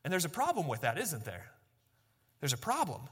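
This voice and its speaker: A man's voice: fairly high pitch, huge pitch swings, normal speed, a bit bright, husky. A man preaching a sermon as pastor, conversational and self-deprecating, repeating phrases for emphasis.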